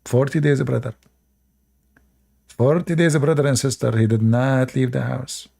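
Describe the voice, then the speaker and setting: A man's voice: medium pitch, fairly even intonation, unhurried, vocal fry, mellow, slightly rough. A man giving sarcastic commentary while reading religious stories aloud, often laughing at them. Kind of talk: mocking commentary on religious texts.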